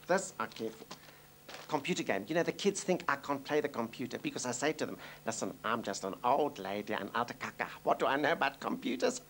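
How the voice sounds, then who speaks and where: A man's voice: mid-range voice, animated, a little fast, a bit bright, slight background noise. A man playing a doting, gossipy older Jewish mother with a South African accent in a TV sitcom. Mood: chatty. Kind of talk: TV sitcom acting.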